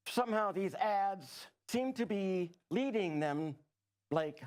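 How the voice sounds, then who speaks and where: An improv performer in a TV studio playing a deadpan male security chief who speaks deliberately. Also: high voice. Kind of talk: improv comedy scene.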